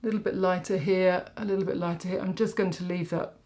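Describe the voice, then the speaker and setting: A woman's voice: on the low side, steady tone, quick pace, a little mellow. A woman, a makeup artist giving a chatty, rambling tutorial and joking at herself as she works. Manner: rambling, self-mocking, talks while working.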